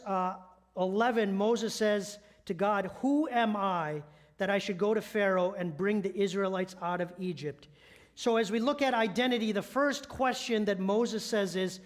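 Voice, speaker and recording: A high-pitched man delivers a church sermon as one of the elders. He talks in a conversational, storytelling way and keeps asking the listeners rhetorical questions. He sounds middle-aged.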